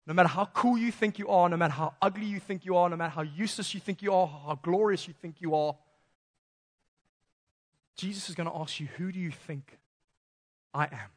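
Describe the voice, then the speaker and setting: Young male youth preacher, very high voice, lively and casual, acts out scenes. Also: brisk. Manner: lively, acts out Bible characters in slangy voices. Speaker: youth pastor. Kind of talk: sermon.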